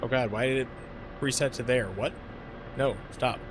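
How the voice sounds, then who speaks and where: A man's voice: mid-range voice, moderate pace, background noise. A man streaming a flight sim game, rambling and joking with lots of swearing. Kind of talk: casual gameplay streaming.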